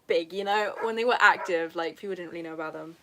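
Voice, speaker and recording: A woman's voice: fairly low pitch, fast talker, pushed and bright, slight background noise. A young woman from England with a British accent, chatting casually and self-deprecatingly on a live stream from her sofa at home, laughing often as she reads the chat. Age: young adult.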